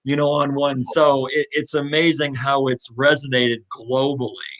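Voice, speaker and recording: Speaking at a measured pace in a mid-range voice, this middle-aged Louisville, Kentucky man shares his story as an interview guest on a low-quality recording. The telling is heartfelt, earnest and animated, with repeated restarts.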